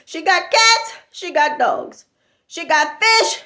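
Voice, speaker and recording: A woman telling a comic story as a sassy church lady, animated and preachy. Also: very high-pitched, slow pace. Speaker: comedian. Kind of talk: comedic storytelling monologue.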